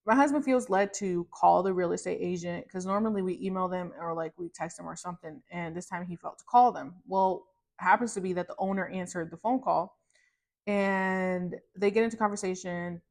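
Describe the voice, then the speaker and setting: A podcast host in her thirties shares a personal faith testimony in a casual chat, her fairly low voice moving at a quick clip. She's animated and rambling, full of fillers and restarts, and acts out her own reactions as quotes.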